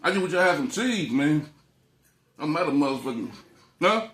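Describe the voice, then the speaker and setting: A man's voice: fairly high pitch, expressive, normal speed, a bit bright. A man chats and eats on camera, rambling through stories with plenty of cursing. His voice sits a little above the usual male range. The room gives everything a noticeable echo. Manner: profane, loose and rambling. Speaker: vlogger. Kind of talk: casual storytelling while eating on camera. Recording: echoey room.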